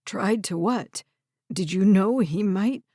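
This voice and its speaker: A woman's voice: medium pitch, slow pace, dark tone, no echo, studio quality. A woman voicing a frail, kindly old grandfather with a quavering, hesitant voice in an audiobook. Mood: hurt.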